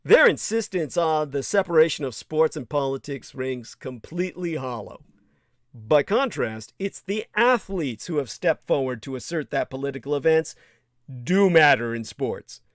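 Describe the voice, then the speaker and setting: A man's voice: on the high side, lively intonation, moderate pace, no echo, studio quality. A man hosting a livestream, reading aloud and adding blunt, indignant commentary with some swearing. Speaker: livestream host.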